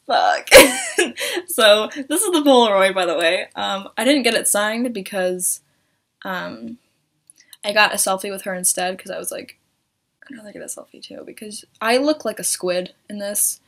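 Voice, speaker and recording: A young woman telling a story to camera in an excited vlog, gushing, swearing and acting out quotes in a higher voice. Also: moderate pace. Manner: gushing, swears a lot, acts out quotes in a high voice. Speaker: vlogger.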